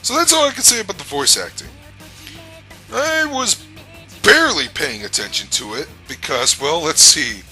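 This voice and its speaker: A man's voice: a little high, sing-song, moderate pace, sharp tone, faint music behind, poor audio. A man giving a casual review rant, rambling, blunt and profane, with frequent restarts. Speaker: anime reviewer.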